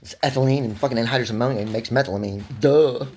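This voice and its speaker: A man in his twenties talking in a rambling, pressured rush, swerving between laughter, near tears and shouting, loud and swearing often. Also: medium pitch, quick pace, a little hiss or hum. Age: 20s. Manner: loud and expressive, heavy swearing. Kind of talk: emotional monologue to camera.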